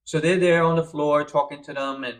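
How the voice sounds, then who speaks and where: A man's voice: on the high side, a little fast. A young man casually recapping a reality show episode, chatty and tired, sometimes acting out quotes. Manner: chatty, animated, acts out quotes.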